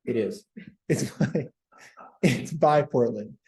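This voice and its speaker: A man voicing a beer-drinking Southern TV viewer from Mississippi, with a put-on Mississippi accent and a high-pitched drawl. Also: slow pace, mellow, close to an everyday voice. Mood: folksy.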